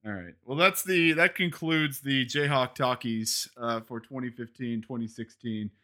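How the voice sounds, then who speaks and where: A man co-hosting a sports podcast, jokey and animated in casual back-and-forth banter. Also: mid-range voice. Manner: animated, jokey, quick to laugh along. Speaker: podcast co-host.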